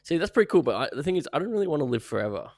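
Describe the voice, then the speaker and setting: A man's voice: on the high side, sing-song, racing, creaky, darkish tone, no room sound, clean studio sound. A man co-hosting a casual podcast, asking questions, hesitant and often laughing. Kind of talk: casual chat.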